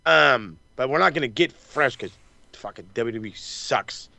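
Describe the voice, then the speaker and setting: A man hosting a wrestling talk show in casual chat, animated and profane, acting out wrestlers' reactions. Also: mid-range voice, measured pace, creaky, no room sound. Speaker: wrestling podcast host.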